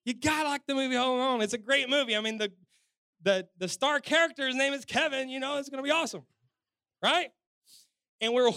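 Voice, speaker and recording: A man in his forties, a pastor telling a personal story in a sermon, animated and swinging between loud and soft. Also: high voice, smooth, dry recording.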